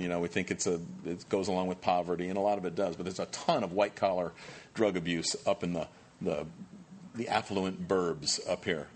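A man preaching a sermon as pastor, animated and humorous, acting out voices. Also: low-pitched, a little hiss or hum. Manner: animated, acts out quoted voices, self-deprecating humor.

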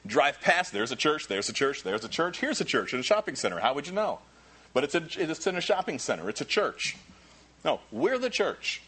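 A man preaching a sermon as pastor, animated and repeating key phrases for emphasis. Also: fairly high pitch, a little fast, husky.

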